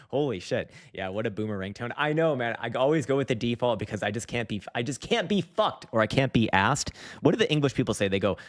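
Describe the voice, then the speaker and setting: A man's voice: medium pitch, lively intonation, fast, hardly any pauses. A man hosting a casual livestream, rambling, swearing freely and laughing often. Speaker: trading livestream host. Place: dim room at home.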